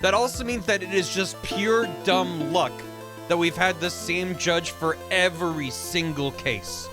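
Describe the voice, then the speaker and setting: A man's voice: sits high, a little slow. A man streaming a video game, joking and swearing freely as he comments on it, over game music. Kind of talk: let's-play commentary.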